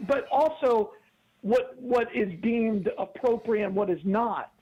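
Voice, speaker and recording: A man's voice: very high-pitched, slow, highs cut off. A man in his fifties, a regular guest on a radio show, chatting in an agreeable way and laughing easily. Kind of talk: casual radio chat.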